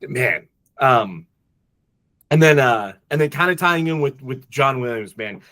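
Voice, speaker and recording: A man co-hosting a casual movie podcast, talking in halting bursts full of restarts, and openly emotional. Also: medium pitch, lively intonation, fairly bright tone, dry recording. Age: adult father. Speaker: podcast co-host.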